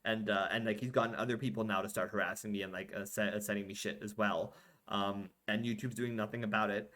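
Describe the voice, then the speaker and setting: A man's voice: lowish voice, steady tone, fast talker, sharp tone. A young adult man hosting a casual vlog, ranting in an exasperated way with lots of swearing, fillers and restarts. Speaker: vlog host.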